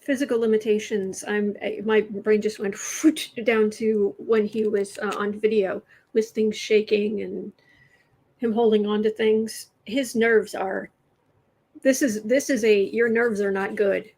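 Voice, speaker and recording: A woman's voice: medium pitch, level tone, a little mellow, rough recording. A woman hosting a political tarot livestream, talking casually and sarcastically and laughing as she restarts her sentences. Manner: sarcastic, laughs often, speaks haltingly with restarts.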